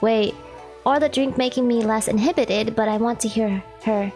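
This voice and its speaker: Giggly woman streamer with a slightly high voice who reads game text aloud between chatty asides, with faint music underneath. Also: moderate pace, darkish tone. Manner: giggly, chatty, many "like" fillers. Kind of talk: chatting and reading a visual novel aloud.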